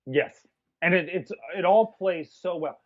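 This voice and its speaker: A man's voice: sits high, unhurried. A man co-hosting a casual film review podcast, blunt and profane, joking between points. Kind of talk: casual chat. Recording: dull audio with faint music.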